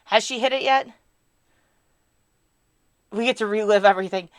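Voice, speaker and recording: A chatty woman live-streaming and talking back to her chat. She rambles in a candid, self-deprecating way. Her voice sits at a middle pitch and sounds dry and close, with no room echo. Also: moderate pace.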